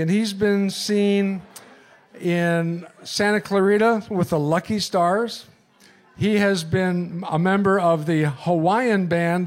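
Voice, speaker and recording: A man hosting a live show, introducing the next act with an upbeat, quick announcer delivery. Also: high voice. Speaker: host. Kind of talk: stage introduction. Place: small live music venue.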